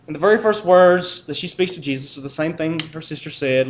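A man's voice: on the high side, brisk, reverberant, dull audio, slight background noise. A man preaching a sermon as pastor, talking to the congregation conversationally and building to emphatic points.

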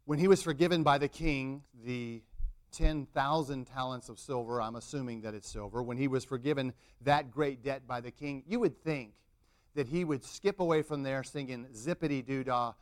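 A middle-aged preacher with a mid-range voice speaks at normal speed, theatrically performing the quotes of the story's figures as his intensity builds.

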